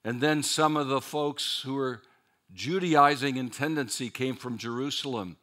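Man preaching in a seminary chapel, mid-pitched voice, lively, throws out questions and little joking asides. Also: normal speed. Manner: animated, with rhetorical questions and dramatized quotes; wry asides to listeners. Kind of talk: chapel sermon.

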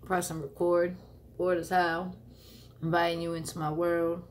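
A woman with a lowish voice chats slowly through her food, unhurried and easygoing. Her talk is loose and slangy, often with her mouth full, and dotted with chuckles. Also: monotone, a little hiss or hum. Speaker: mukbang vlogger. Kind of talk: casual eating vlog.

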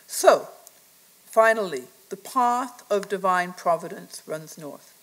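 A woman university lecturer giving an academic lecture, reading carefully from her notes in a measured way. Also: mid-range voice, animated, fairly bright tone, low-quality recording. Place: visitors center lecture room.

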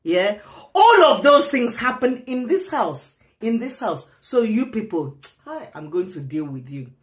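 A woman in an angry vlog rant to her camera, repeating herself, swinging from low mutters to tearful shouts. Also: sing-song, a little slow. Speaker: vlogger.

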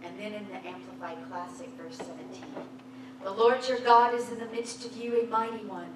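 A woman preaching a sermon in a church, exuberant and often laughing as she rises toward a near-shout. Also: mid-range voice, steady tone, moderate pace. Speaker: guest preacher. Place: church sanctuary. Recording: echoey church hall, distant mic, background noise.

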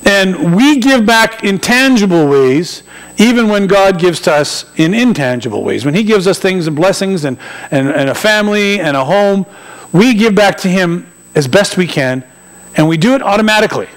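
A pastor with a notably high voice delivers a sermon in a church. He talks in a loose, conversational way, tossing jokes and asides to people in the pews. The recording is of poor quality. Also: expressive, moderate pace. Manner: conversational and joking, with acted-out asides. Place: church sanctuary.

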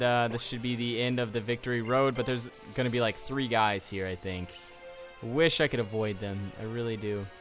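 In casual let's play commentary, a young man with a mid-range, slightly bright voice rants at the game in exasperation. His nose sounds sniffly.

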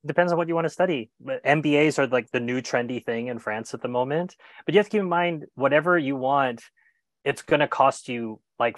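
Animated man giving advice. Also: medium pitch, dry recording. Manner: enthusiastic, animated, often restarting phrases. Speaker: guest expert on moving abroad. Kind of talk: casual webinar talk, giving advice.

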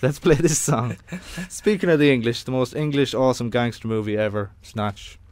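A man's voice: mid-range voice, normal speed, a little mellow, no room sound. Irish man, young, radio co-host, jokey rambling banter, dry studio. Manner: rambling, jokey, laughs often.

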